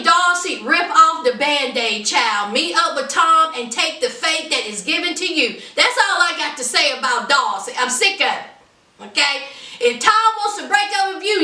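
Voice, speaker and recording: A very high, bright woman's voice, full of sass, that swings up and down as she laughs through a casual recap. She calls everyone honey and child. She sits back from the mic in an echoey room. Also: animated, unhurried, far from the mic. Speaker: TV show reviewer.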